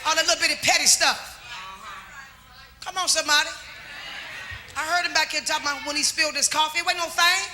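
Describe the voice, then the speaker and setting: A middle-aged woman preacher giving a sermon, shouting and joking with call-and-response before a live congregation. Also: high voice, steady tone, fast, long pauses, long reverb tail. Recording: live church crowd and noise.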